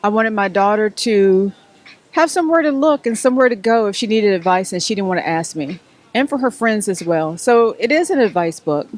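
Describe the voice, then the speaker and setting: A woman's voice: mid-range voice, expressive, brisk. A middle-aged woman, answering interview questions as an author in a storytelling way. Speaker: author and guest.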